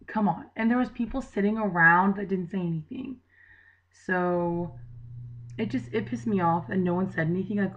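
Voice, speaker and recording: A young woman talking to her webcam in a casual vlog, rambling along with plenty of "like"s and sounding worn out. Her voice sits at an ordinary pitch, and the audio is a little muffled and lo-fi. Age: young adult. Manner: rambling, filler-heavy, chatty. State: tired. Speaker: channel regular.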